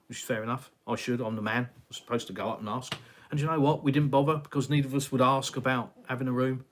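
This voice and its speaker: A man's voice: medium pitch, a little fast, a bit bright. A middle-aged man from England hosting a casual live chat, reading viewer comments in a rambling way, with many fillers and sighs. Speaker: live stream host. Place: home, in Russia.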